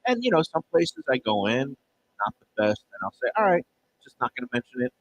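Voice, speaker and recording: A man hosting a restaurant TV segment in casual on-air chat. He rambles a little and fills pauses with "uh" as he eats. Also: mid-range voice, sing-song, dull audio, noisy background. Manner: rambling, with many fillers. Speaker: TV segment host and former food critic. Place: restaurant dining room.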